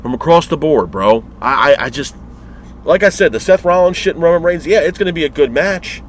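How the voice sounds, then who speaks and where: A man's voice: a little high, animated, fairly quick, slight background noise. Profane, exasperated man ranting on a review vlog. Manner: rhetorical questions and repeated complaints. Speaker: wrestling show reviewer.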